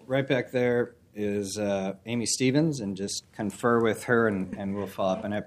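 A man chairing a city council hearing as mayor, speaking in a relaxed, conversational way. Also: lowish voice, moderate pace.

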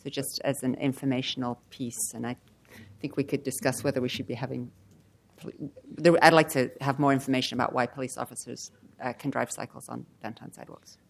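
Very deep-voiced woman, measured remarks. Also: fairly even intonation, creaky, slight background noise. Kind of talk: council meeting remarks.

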